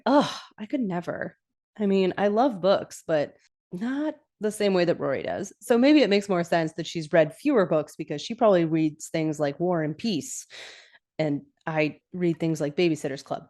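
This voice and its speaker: A young woman hosts a casual podcast, recapping a TV episode in an easygoing, chatty way. She giggles often and gets animated, lifting her voice when she acts out lines. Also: on the low side, normal speed.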